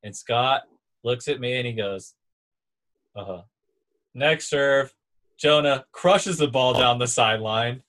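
A man's voice: medium pitch, measured pace. A young man, a former volleyball player, telling a sports story in casual chat and acting out what others said. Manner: animated storyteller, acts out quotes.

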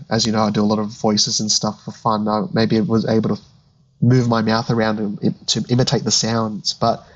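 Easygoing young man, dull lo-fi sound. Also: mid-range voice. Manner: easygoing, agreeable, thinks aloud with fillers. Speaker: podcast co-host. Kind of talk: casual chat.

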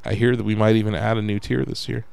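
A man hosting a casual podcast, talking in an animated way and swearing when he gets worked up. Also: fairly low pitch, fast talker, creaky, smooth. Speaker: podcast host.

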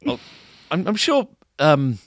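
A man's voice: high-pitched, sing-song, takes it slowly, no echo, clean studio sound. A man co-hosting a casual shop podcast, chatty and rambling, laughing easily. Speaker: podcast co-host, guitar shop staff. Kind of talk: casual chat.

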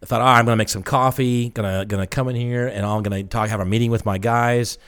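A man's voice: mid-range voice, fairly even intonation, quick pace, fairly bright tone, clear, resonant tone. Man telling stories on a podcast. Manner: punning, storytelling, laughs often. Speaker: podcast co-host. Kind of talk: casual chat.

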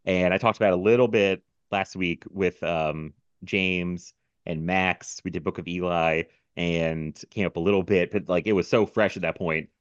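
A low-voiced man hosts a podcast over a video call, chatting casually, rambling and laughing often. The sound is dry and a little muffled. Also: dry recording. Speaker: podcast host. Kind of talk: casual chat.

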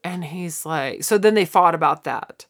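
A woman's voice: lowish voice, moderate pace. A woman co-hosting a podcast in casual chat, retelling scenes animatedly and acting out quotes. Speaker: podcast co-host.

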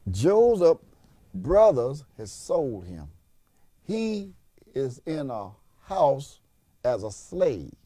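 A man's voice: on the high side, mellow, no echo. A man preaching a sermon with emphasis, repeating points and asking rhetorical questions.

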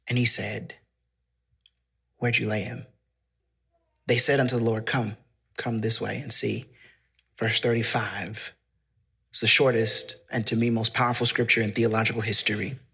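A man preaching a sermon, reading scripture aloud and paraphrasing it casually, pausing to call on the congregation to repeat words. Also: mid-range voice, vocal fry, sharp tone, husky. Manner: paraphrases verses casually, calls for congregation responses. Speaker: pastor.

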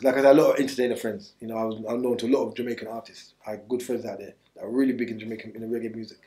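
A man's voice: medium pitch, fairly even intonation, racing, mellow. Blunt man, echoey room. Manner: street slang, blunt and rambling. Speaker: interview guest. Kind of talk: candid storytelling interview.

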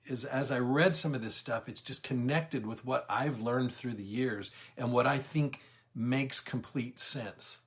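Man, middle-aged, Bible study teacher, livestream, emphatic, slows for key words, medium pitch.

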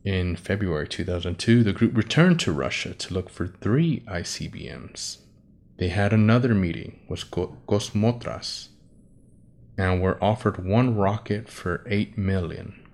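Deep, slow-talking man riffing on an article. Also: gravelly, a little mellow. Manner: reads aloud, stumbles on names, cusses and laughs at his own jokes. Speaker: host. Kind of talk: casual commentary reading an article.

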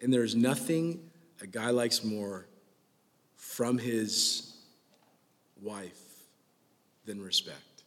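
A man's voice: on the low side, drawn-out words, long pauses. A man in his twenties preaching a sermon in a joking, conversational way. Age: 20s. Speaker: pastor. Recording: long hall reverb.

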